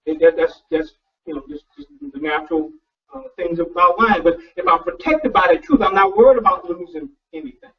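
A man's voice: sits high, expressive, fairly quick, creaky. A male pastor preaching in a loose, conversational way, often repeating words and restarting his sentences in a folksy, personal tone. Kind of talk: conversational sermon. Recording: distant, dull lo-fi sound.

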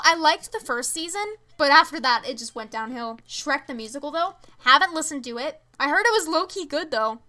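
A teenage girl chats over her game stream with a high, bright voice. She rambles excitably, reacting to her viewers' messages. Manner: chatty, excitable, reads chat aloud. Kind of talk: casual game stream chat.

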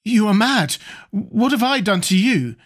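A man voicing a vain, cold young English gentleman in an audiobook, who pleads when cornered and turns lordly once safe. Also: a little high, lively intonation, fairly quick, close to an everyday voice. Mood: panicked.

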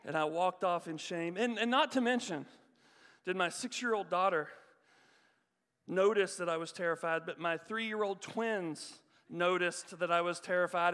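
High-voiced animated man preaching in a hall. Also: moderate pace. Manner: animated storytelling, acts out voices. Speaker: guest pastor. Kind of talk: sermon. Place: church hall. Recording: long reverb of a church hall.

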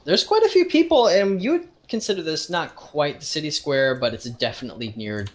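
A man's voice: fairly high pitch, very animated, a little fast. A man narrating and explaining scenes as game master in a casual, rambling way.

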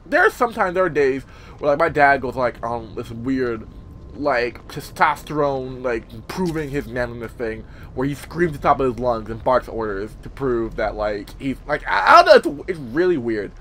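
A young man casually commentating a horror game, rambling with many fillers, swearing, and sometimes yelling. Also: medium pitch, lively intonation, normal speed, a little hiss or hum. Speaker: gameplay commentator. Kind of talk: casual let's-play commentary.

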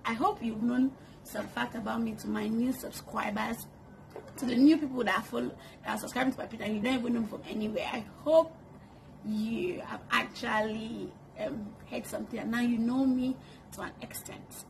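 A woman's voice: on the high side, fairly even intonation, moderate pace, vocal fry. A woman chatting to camera at home, answering get-to-know-me questions and laughing often. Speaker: vlogger. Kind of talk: casual get-to-know-me chat. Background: kids making noise.

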